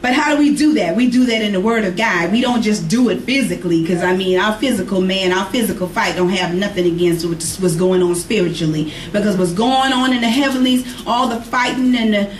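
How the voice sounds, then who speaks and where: A woman preaching, her voice climbing to high emphatic calls and dropping to low conversational asides. She is heard from a distance in an echoey church with a faint hiss underneath. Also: fairly quick, hardly any pauses. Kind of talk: sermon to a congregation. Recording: echoey room from far off, faint noise.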